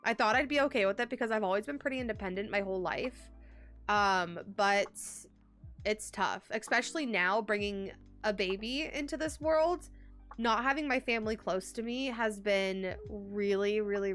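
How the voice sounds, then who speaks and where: A young woman from Texas streaming a game from home, chatting warmly and answering her viewers. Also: mid-range voice. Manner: chatty and warm, reads and answers chat. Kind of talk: casual live-stream chat.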